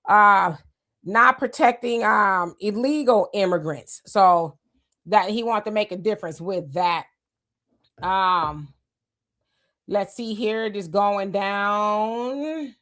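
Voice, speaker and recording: A woman hosting a casual live stream, greeting viewers by name, reading their comments aloud and musing on them in a loose, unhurried way. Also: medium pitch, fairly bright tone. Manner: loose, musing, often trails off with "I don't know". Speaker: livestream host.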